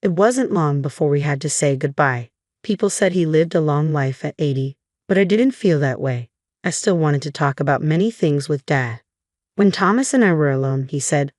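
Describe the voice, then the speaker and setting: A woman with a low, deep-set voice reads a dramatic family story aloud. Her delivery stays even and measured throughout. The recording is dry and close, with no room sound. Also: dry recording. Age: middle-aged. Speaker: narrator. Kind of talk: scripted story narration.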